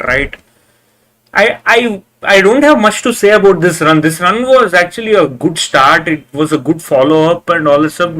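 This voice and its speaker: A man giving casual live reaction commentary, excitable, cheering and groaning at the screen, often repeating himself as he talks. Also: on the high side. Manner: repeats words and restarts often. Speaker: reaction video host.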